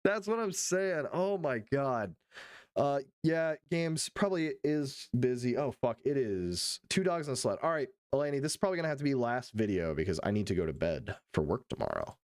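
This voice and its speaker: A young man streaming, reacting to clips in profane, excited commentary full of laughs. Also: medium pitch, normal speed, no echo, studio quality.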